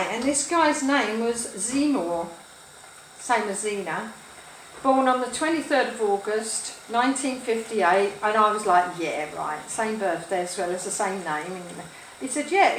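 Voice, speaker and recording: A gossipy woman in her sixties with a fairly high voice rambles through stories as she cooks, tripping over her own sayings. She sounds echoey in a kitchen where a pan fries loudly behind her. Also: a little hiss or hum. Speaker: cooking vlogger. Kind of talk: chatty storytelling while cooking. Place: home kitchen, food sizzling. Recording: echoey kitchen with loud frying.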